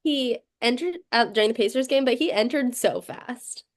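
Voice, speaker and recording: A young woman with a somewhat high voice, talking casually on a podcast with her brother. She is chatty and animated, laughing as she recounts moments from games. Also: moderate pace. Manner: chatty, laughs while telling stories. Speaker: podcast co-host. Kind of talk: casual sports chat.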